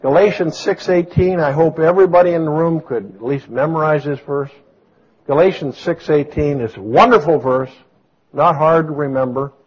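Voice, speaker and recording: A man preaching a sermon, swinging from booming exclamations to soft storytelling. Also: normal speed, breathy edge. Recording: dull lo-fi sound.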